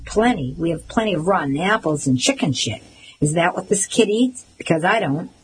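A woman's voice: lowish voice, animated, normal speed, breathy edge, rough recording. A woman voicing a resentful, scornful older boy in a storybook reading. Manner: scornful, sneering.

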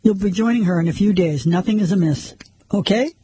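A man voicing a calm, controlling woman who gives firm, steady instructions. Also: high-pitched, fairly quick, husky.

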